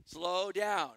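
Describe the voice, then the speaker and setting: A middle-aged male pastor preaching a sermon, excitable and animated, firing questions at the congregation. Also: sits high, vocal fry, dry recording. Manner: excitable, quick bursts, asks the congregation questions.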